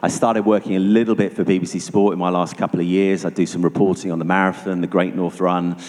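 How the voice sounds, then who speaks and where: A man giving a personal testimony to an audience as a guest speaker, telling it vividly and going hushed at tense moments. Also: low voice, level tone, fast. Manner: vivid storytelling, dropping to hushed tones for tension. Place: church hall. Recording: long reverb of a church hall.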